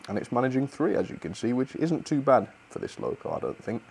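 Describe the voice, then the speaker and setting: A man's voice: medium pitch, wildly swooping pitch, brisk, vocal fry, darkish tone, slight background noise. A young man hosting a model railway live stream, chatting cheerfully and thanking viewers, with fillers and little laughs. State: a bit out of breath.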